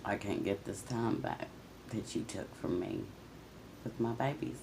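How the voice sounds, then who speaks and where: A woman's voice: extremely low pitch, a little slow, vocal fry, background noise. A woman speaking in a raw, emotional confessional monologue, swearing and venting, often talking straight to people who are not there. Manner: addresses absent people directly.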